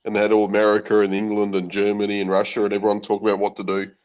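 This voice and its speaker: A man's voice: lowish voice, monotone, very fast. Man, dull lo-fi sound. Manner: storytelling, crude, joking. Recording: dull lo-fi audio.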